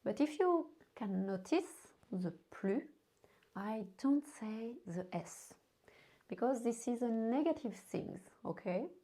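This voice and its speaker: A French woman with a French accent teaching a language lesson, speaking slowly and carefully and repeating example sentences. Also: fairly high pitch, expressive, dark tone.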